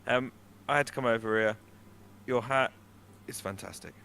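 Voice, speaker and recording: A man's voice: medium pitch, moderate pace, creaky, bright, forceful tone, a little hiss or hum. A man doing a chatty stage magician. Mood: friendly. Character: cheerful young male stage magician.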